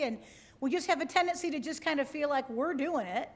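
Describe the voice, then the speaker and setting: A woman's voice: high-pitched, expressive, normal speed. A woman pastor giving a conversational sermon to an online congregation, often checking in with her listeners. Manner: conversational, asks the listeners with frequent tag questions. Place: church livestream.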